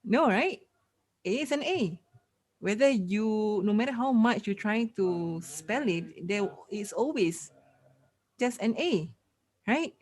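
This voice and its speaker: A woman's voice: medium pitch, lively intonation, takes it slowly, darkish tone. A woman with a Malaysian accent teaches a Quran class, playfully quizzing her students and mixing Malay into her English.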